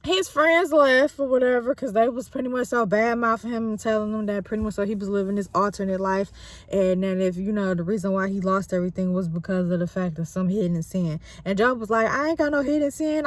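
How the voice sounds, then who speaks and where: A woman host casually retelling a scripture story in a slangy, animated, conversational way. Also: mid-range voice, a little fast, no room sound.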